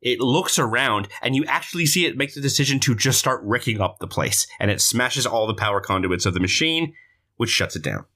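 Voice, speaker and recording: A podcast co-host recapping a film in casual chat, retelling scenes with animated delivery. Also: medium pitch, a little fast. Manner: animated retelling, acts out character lines.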